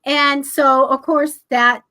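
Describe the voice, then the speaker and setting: An older woman leads a casual class, telling personal stories to her listeners. She sounds chatty and animated, and her voice leaps up when she imitates the people in her tale. Her voice sits a little high. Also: slow. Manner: animated, acts out quoted people with sharp pitch jumps. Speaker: class teacher on manifesting.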